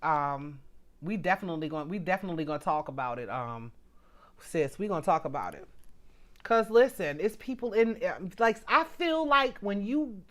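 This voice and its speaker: A woman's voice: low voice, lively intonation, a little fast. A middle-aged woman hosts a casual livestream from home. She talks straight to her viewers, reads their comments aloud and thanks them by name. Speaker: livestream host.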